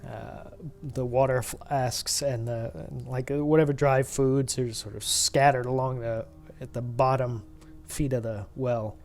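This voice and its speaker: A man narrating as dungeon master of a tabletop game, halting, with many pauses and fillers. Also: medium pitch, steady tone, a little mellow. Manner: halting, full of uhs and ums.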